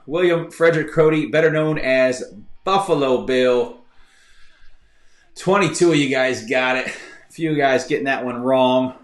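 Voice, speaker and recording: A man hosting a live-streamed trivia game show who tells stories in a rambling, chatty way with many fillers and restarts. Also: mid-range voice. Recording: echoey room with faint music.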